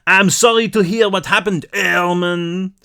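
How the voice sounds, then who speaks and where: A man's voice: sits high, fairly even intonation, measured pace, gravelly, bright, forceful tone, clean tone, voice pushed up, heavily acted. A man doing a hulking French baker. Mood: hearty. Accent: put-on French.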